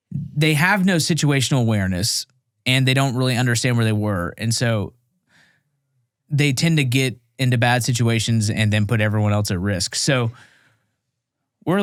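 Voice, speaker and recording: A man's voice: medium pitch, no room sound, studio quality. A man, a Marine veteran, telling a war story in a casual interview and acting out the quotes.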